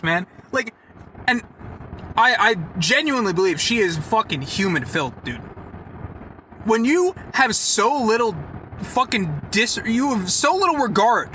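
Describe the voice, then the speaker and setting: A man's voice: sits high, big pitch swings, a little slow, long pauses, bright, forceful tone. A young man vlogging a heated, profanity-filled story, rambling and saying "like" a lot, to a camera set down outdoors near traffic. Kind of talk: casual storytelling. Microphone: camera set down nearby.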